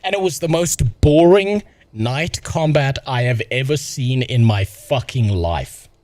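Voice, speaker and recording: A man's voice: medium pitch, lively intonation, a little slow, darkish tone, dry recording. A man in his thirties with a South African accent, telling an exasperated, profane story to his stream chat. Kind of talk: casual ranting to stream chat.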